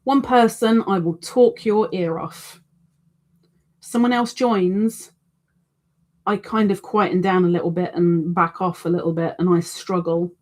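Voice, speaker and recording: A woman's voice: lowish voice, fairly even intonation, a little slow, a little mellow. A middle-aged woman hosting a crochet live stream, chatting casually and self-deprecatingly, reading out viewer comments.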